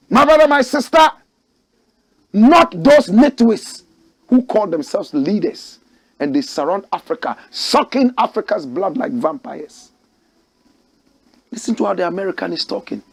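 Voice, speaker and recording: Ghanaian guy hosting a political rant, high gravelly voice swinging all over the place. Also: animated, measured pace. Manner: preachy, rhetorical, rising to outraged shouts. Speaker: host. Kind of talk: impassioned political commentary.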